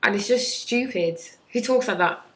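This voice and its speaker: A woman in her twenties vlogs casually, speaking bluntly and sarcastically and doing mocking impressions. Her medium-pitched, fairly bright voice moves at a moderate pace, and the recording is rough.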